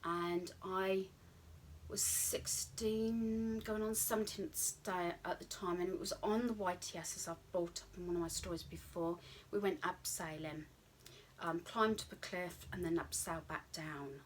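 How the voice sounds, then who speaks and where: A woman's voice: fairly low pitch, a little slow, slight background noise. Chatty British woman rambling through a story. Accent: British English. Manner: rambling, chatty, many ums and asides; animated, acts out her own thoughts in quotes. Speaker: vlogger. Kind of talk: casual personal storytelling.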